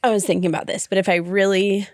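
A woman's voice: mid-range voice, flat delivery, fast, a little mellow, no room sound, clean studio sound. A woman chatting casually as a podcast co-host, speaking hesitantly and restarting her sentences. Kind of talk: casual chat.

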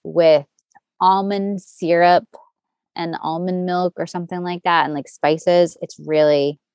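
A woman's voice: on the low side, fairly even intonation, a little slow, darkish tone, smooth, no room sound, dull audio. A woman co-hosting a podcast in casual chat, talking in a chatty, meandering way with many restarts. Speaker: podcast co-host.

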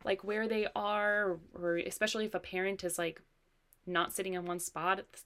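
A woman's voice: mid-range voice, little pitch movement, moderate pace, fairly bright tone, smooth. A woman co-hosting a parenting podcast, telling stories in an earnest, reflective way. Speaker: podcast co-host. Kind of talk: casual conversation.

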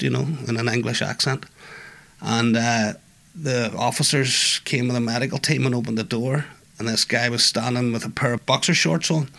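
A middle-aged man, a former prisoner, speaking in a halting conversational interview full of restarts and asides. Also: mid-range voice, vocal fry, bright, forceful tone. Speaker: former prisoner and peer listener.

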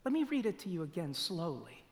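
A man preaching a sermon in a church, asking rhetorical questions and swinging between loud emphasis and near-whispers. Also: sits high, very animated. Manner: slow, deliberate delivery with rhetorical questions. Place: church sanctuary. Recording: long church reverb.

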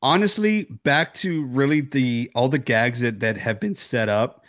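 Male podcast co-host, medium pitch, dry close sound, animated and restless delivery. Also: unhurried, dry recording. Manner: animated, acts out characters' lines, many restarts. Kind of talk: casual film discussion.

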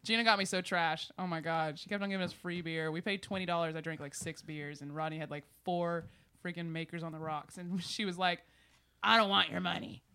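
A woman, telling a road story in casual podcast chat, animated and laughing as she acts out the people in it. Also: fairly low pitch, a little fast, clear, resonant tone. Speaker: podcast guest, musician.

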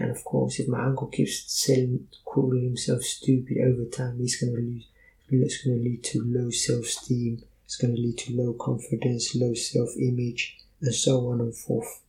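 Male speaker for a faith-based self-help talk: earnest, methodical, even and warm in tone. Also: mid-range voice, gravelly, rough recording. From Somalia. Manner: earnest, explanatory, tells personal stories; measured, lists points in sequence. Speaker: motivational speaker.

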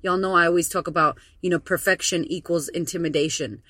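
A woman's voice: lowish voice, fairly even intonation, a little fast, pushed and bright, no echo. A woman hosting her own podcast as a confidence coach, speaking in a gushing, emotional way with plenty of swearing. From Melbourne area. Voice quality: profane, gushing, emotional storyteller. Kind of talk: casual podcast monologue.

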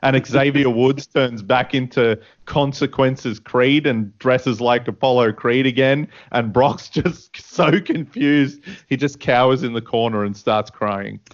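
A man co-hosting a radio show, talking in a relaxed, casual way and laughing along. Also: medium pitch, unhurried, hardly any pauses, dull audio. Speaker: co-host. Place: radio studio.

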